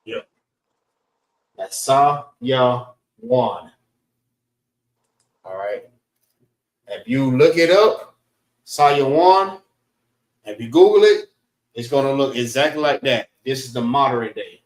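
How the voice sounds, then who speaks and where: A man teaching a class in a slow, repeating way, often saying "all right" and sounding out words. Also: mid-range voice. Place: class room in a library. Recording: roomy echo, voice from far off the mic.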